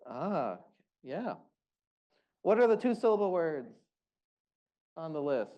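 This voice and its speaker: A man's voice: fairly high pitch, big pitch swings, slow pace, muffled recording. A man leading a group music workshop, giving encouraging, upbeat instructions.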